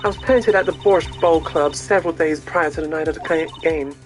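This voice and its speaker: A man voicing a scheming young woman card sharp with a sly, boastful manner, reading game dialogue aloud. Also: on the high side, brisk, faint music behind, lightly acted. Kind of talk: game dialogue read-along.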